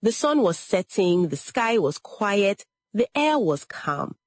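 A woman narrating a dramatic story in a slow, expressive, emotional way. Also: medium pitch, dry recording.

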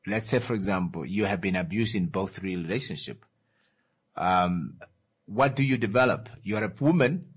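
A man's voice: lowish voice, slightly rough. A man teaching, stopping to ask the listener questions and working through examples. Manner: asks the listener questions, gives worked examples. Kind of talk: explanatory lecture.

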